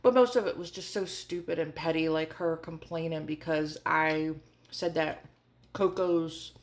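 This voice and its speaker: A woman in her forties with a slightly low-pitched voice tells a personal story to camera. She talks in a chatty, candid way and fills her speech with small asides. It sounds like a casual storytime vlog. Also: measured pace. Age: 40s. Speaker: vlogger.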